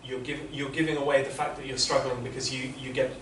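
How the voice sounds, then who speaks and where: A man's voice: medium pitch, level tone, fast, a bit bright, a little hiss or hum. A man teaching interpreting, giving patient, explanatory feedback to students in a classroom. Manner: patient, explanatory, many restarts. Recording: echoey classroom from far off.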